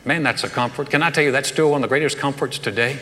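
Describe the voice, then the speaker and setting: A man preaching a sermon, telling the story in a conversational, animated way with touches of humor. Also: medium pitch, fast, long reverb tail. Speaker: pastor.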